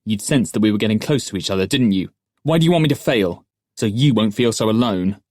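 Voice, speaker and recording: A man's voice: fairly low pitch, animated, brisk, darkish tone, dry recording, clean studio sound. A man voicing a self-righteous young man who speaks angrily and accusingly. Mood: angry. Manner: angry, accusing.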